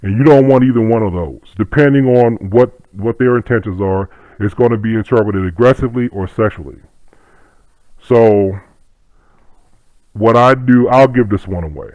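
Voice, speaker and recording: A man's voice: fairly low pitch, moderate pace, no room sound, dull audio. Brief: middle-aged man, martial arts instructor, profane rambling talk, dry close sound. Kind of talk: casual monologue.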